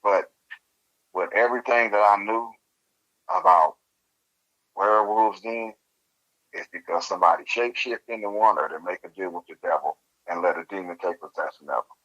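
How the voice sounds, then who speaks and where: Deep, bright-toned Louisiana man. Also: normal speed, pauses often, poor audio. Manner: colloquial, animated storyteller. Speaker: guest researcher. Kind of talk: casual storytelling interview.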